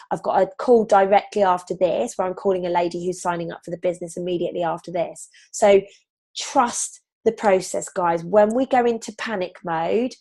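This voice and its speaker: A slightly husky woman, leading a motivational team training on a video call from home, animated and casual, with the odd swear word. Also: medium pitch. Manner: animated, swearing, upbeat pep talk. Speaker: team leader.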